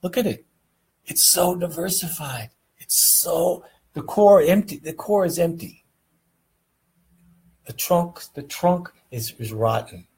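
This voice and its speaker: A man's voice: fairly high pitch, lively intonation, takes it slowly, gravelly, darkish tone, husky, rough recording. A man giving a casual, rambling meditation lesson, earnest and often checking in with "right?". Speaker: meditation teacher.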